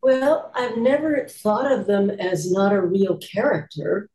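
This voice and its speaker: An older woman speaks slowly and unhurriedly, sharing stories from her acting career and laughing easily between them. Her voice carries a noticeable room echo. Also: medium pitch, mellow. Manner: unhurried, laughs often while telling stories. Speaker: actress and voice actor guest. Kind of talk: casual interview storytelling.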